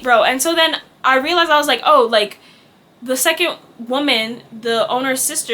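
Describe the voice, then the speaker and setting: Bright chatty young woman telling a story. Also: a little high, a little hiss or hum. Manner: candid and chatty, swears, acts out quoted dialogue. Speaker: vlogger. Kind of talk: casual storytime.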